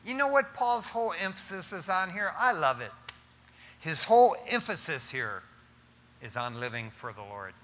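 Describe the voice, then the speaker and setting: A middle-aged man preaching as pastor, talking in an animated, casual way and often calling his listeners "man". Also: high voice, moderate pace, big-room sound. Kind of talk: sermon.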